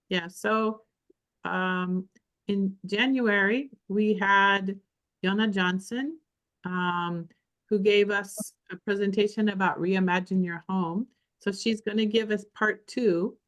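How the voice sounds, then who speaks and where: A woman makes announcements for an upcoming group meeting. She speaks slowly and unhurriedly, stopping often with ums. Her voice sits at a middle pitch. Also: fairly even intonation. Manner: halting, many ums. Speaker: group organizer.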